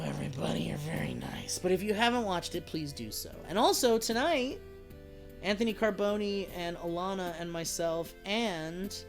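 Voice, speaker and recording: Rambling, profane man streaming a game. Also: fairly high pitch. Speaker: live-stream gamer. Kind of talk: casual game commentary.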